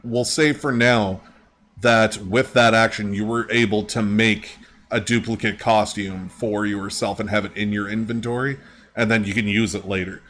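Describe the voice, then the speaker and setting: A man running a tabletop game as game master, relaxed and rambling, with many fillers. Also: fairly low pitch, moderate pace, a little hiss or hum.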